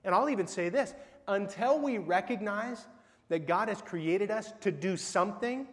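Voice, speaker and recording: A middle-aged male pastor preaching in a church sanctuary, speaking in a fairly high voice. He talks to the congregation in a chatty way, firing off rhetorical questions and swinging between loud bursts and quiet asides. Long reverb from the hall trails behind his words. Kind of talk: sermon.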